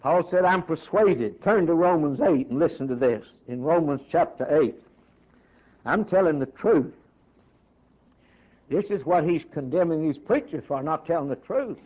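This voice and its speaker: A man preaching a fervent sermon, leaning hard on slow, stressed lines. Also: fairly high pitch. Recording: dull lo-fi sermon recording.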